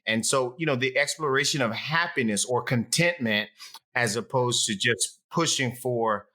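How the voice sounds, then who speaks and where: Bright-voiced male podcast host. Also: mid-range voice, normal speed. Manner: chiming in with affirmations, restarts and fillers. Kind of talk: casual interview conversation.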